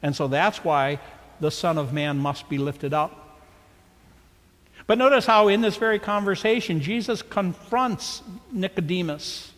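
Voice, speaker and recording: A man's voice: sits high, measured pace, a bit bright, big-room sound. A man preaching a sermon with dramatic rhetorical questions. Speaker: pastor.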